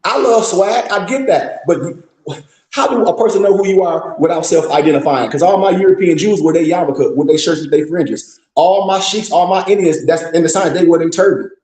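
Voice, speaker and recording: A man holds forth in a blunt, profane, scolding lecture, his voice pitched a little high and mellow in tone. The sound carries a noticeable roomy echo. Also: a little fast. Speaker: host of a live discussion. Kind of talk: impassioned lecture-style talk.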